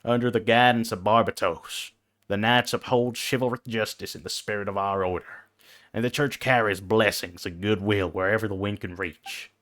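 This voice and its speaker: A man's voice: on the low side, fairly even intonation, normal speed, a bit bright, pitched below the performer's own voice, lightly acted. A man doing a cowboy-voiced knight commander. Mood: formal. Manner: silly cowboy voice; formal, stately reading. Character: stern female knight commander, formal and dutiful. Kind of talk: reading game dialogue aloud on stream.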